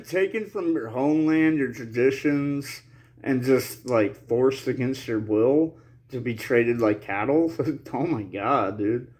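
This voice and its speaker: A man rambling to his audience in a loose, slangy monologue, with nervous laughter breaking into his talk. His voice sits at an ordinary middle pitch, and he coughs now and then while getting over an illness. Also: slow, a little mellow. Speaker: channel host. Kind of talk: casual monologue to camera.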